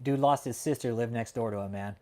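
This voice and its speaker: A man's voice: mid-range voice, a little fast, darkish tone. A man from California hosting a casual livestream chat, talking in a heated, profane, emphatic way and often tacking on "man". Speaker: livestream host. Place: home in Texas.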